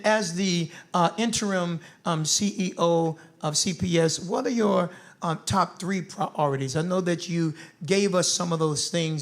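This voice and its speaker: A man in his fifties moderating a community forum in a lively town-hall manner, with a preacher's call-and-response style. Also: high-pitched. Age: 50s. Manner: preacherly, calls for crowd responses.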